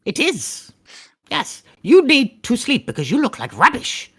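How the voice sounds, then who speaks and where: Woman voicing a curt, formal male artificer for a tabletop game; very animated pitch. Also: measured pace, husky, exaggerated voice. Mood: blunt. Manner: stiff formal speech without contractions.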